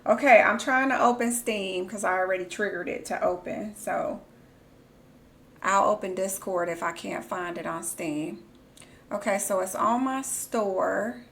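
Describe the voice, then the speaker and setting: A young woman live-streaming, chatting casually and reacting excitedly, gasping and squealing, then muttering quietly to herself. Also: medium pitch, a little slow, a little hiss or hum.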